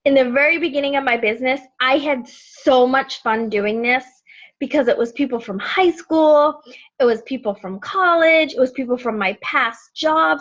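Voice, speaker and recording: A high-voiced woman leads a casual team training, chatty and animated. She slips into bright, friendly tones when she acts out sample messages. The sound is a little dull and lo-fi. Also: normal speed. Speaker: team coach leading a training call.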